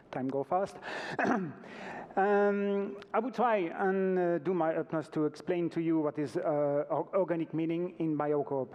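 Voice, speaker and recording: A man from France speaking English with a French accent at a conference, halting and self-deprecating, often clearing his throat. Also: on the high side, lo-fi sound. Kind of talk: conference presentation. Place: large conference hall. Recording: reverberant conference hall.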